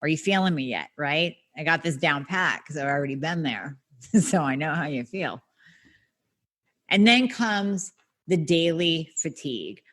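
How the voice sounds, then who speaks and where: A woman's voice: low voice, animated, measured pace, fairly bright tone. A woman hosting a solo health podcast, talking straight to her listeners in a blunt, emphatic way with some mild swearing. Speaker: podcast host and functional medicine practitioner.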